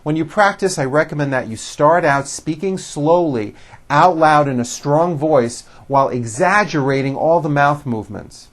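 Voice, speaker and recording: American guy teaching pronunciation, slow and super clear, kinda high voice. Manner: slow, deliberate, clearly enunciated. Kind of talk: scripted instructional talk to camera.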